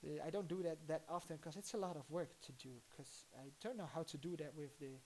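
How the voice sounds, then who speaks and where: A woman from the Netherlands, speaking with a Dutch accent, chats casually on her live stream while working on a computer. Her voice sits low and is a little mellow, with slight background noise, as she rambles and thinks aloud with halting restarts.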